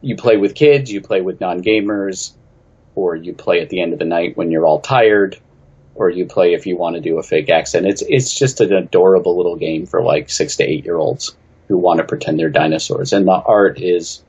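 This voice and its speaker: A man from New England with a very low, husky voice talks through interview questions as a game designer guest. He is chatty and snarky and pokes fun at himself. The audio is a little dull and lo-fi. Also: moderate pace, a little mellow. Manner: chatty, self-deprecating, snarky. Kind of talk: casual interview answers.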